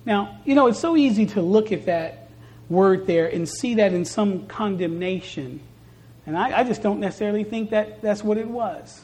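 A woman preaches a sermon to her congregation in a voice of ordinary pitch for a woman. She leans on repetition to drive each point home and moves between quiet, intimate stretches and louder, urgent ones. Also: moderate pace. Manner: emphatic, repeats phrases for stress, swings from soft to loud. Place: church service.

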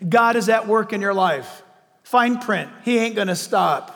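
A man's voice: high voice, lively intonation, a little slow, a bit bright. A man preaching a sermon as pastor, emphatic and repetitive, speaking straight to his listeners. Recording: long hall reverb.

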